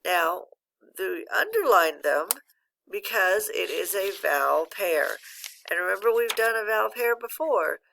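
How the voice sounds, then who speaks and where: Slow, gravelly-voiced woman phonics teacher. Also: medium pitch, very animated, fairly bright tone, slight background noise. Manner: patient, encouraging, pauses for student answers. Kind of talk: recorded phonics lesson.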